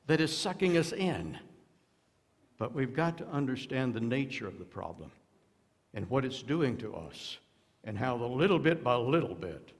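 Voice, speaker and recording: Slow, gravelly-voiced preacher in a reverberant church. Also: male voice, medium pitch. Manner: storytelling with quoted voices and humor. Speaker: pastor. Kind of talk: sermon. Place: church sanctuary.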